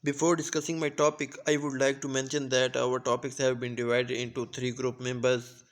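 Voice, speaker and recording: A young man from Pakistan giving a class presentation on pronunciation, speaking slowly and carefully, with occasional restarts. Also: medium pitch, level tone. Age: young adult. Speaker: student presenter.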